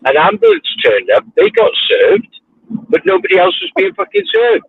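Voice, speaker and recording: A man's voice: extremely high pitch, huge pitch swings, moderate pace, creaky. A man, ranting in casual chat while driving his car, swearing freely. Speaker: livestream host. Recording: tinny phone line.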